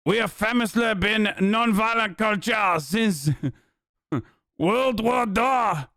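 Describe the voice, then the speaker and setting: A man playing an outraged Frenchman in an exaggerated mock French accent, mocking and shouting. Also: high-pitched, slow pace, no echo, studio quality, voice pushed up, heavily acted. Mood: pompous. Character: outraged stereotyped Frenchman, indignant and pompous.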